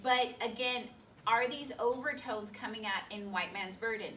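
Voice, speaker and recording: A history teacher fires rapid questions at her high school students in a school classroom, her voice fairly high in pitch and a bit bright. The distant recording picks up faint noise.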